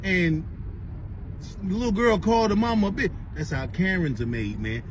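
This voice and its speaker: A man rants casually to his camera while headed to work, his voice pitched up high and his story rambling and full of cursing. Faint traffic and car hum sit underneath. He keeps circling back to his point. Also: moderate pace, low-quality recording. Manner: rambling, profane, animated retelling. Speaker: vlogger.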